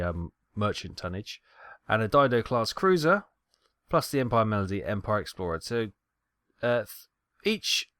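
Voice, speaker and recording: A man with a lowish voice talks through his gameplay in a chatty, wry way, tripping over tricky names as he reads them out. The sound is close and dry, with no room around it. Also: bright, forceful tone, no room sound. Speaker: gaming channel host. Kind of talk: casual gameplay commentary.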